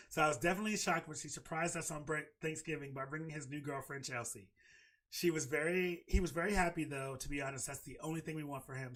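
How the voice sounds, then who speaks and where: Host, man, African American English, higher voice, animated and swearing, reads posts aloud. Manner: animated, exclaiming, swearing, cackling laughs. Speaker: podcast host. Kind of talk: casual chat, reading a forum post aloud.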